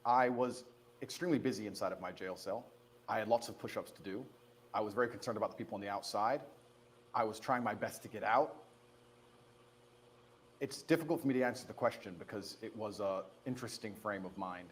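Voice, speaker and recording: A man in his thirties, an interview guest, answers questions quickly in an assertive, defiant manner. His voice sits lowish, with slight background noise.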